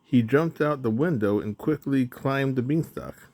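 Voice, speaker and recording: A man narrating a children's storybook in a slow, even reading. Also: medium pitch, slight background noise.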